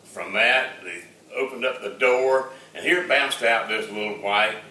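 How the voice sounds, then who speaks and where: An older man with a Southern drawl spins a rambling, folksy yarn with plenty of fillers. His voice is bright, and he sits back from the mic in a roomy space with a faint hum underneath. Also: lowish voice, unhurried, recorded from a distance. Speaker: storyteller. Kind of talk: folksy storytelling.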